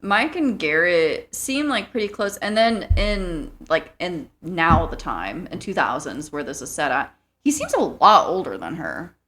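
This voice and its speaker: A woman's voice: on the low side, very animated, measured pace, hardly any pauses, a bit bright. A woman co-hosting a movie-review podcast in casual, chatty talk, swearing freely. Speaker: podcast co-host.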